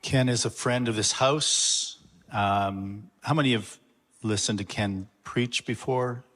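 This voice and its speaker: A man who is a pastor, introducing a guest to his congregation in a halting, reflective way. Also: mid-range voice, a bit bright. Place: church sanctuary. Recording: long church reverb.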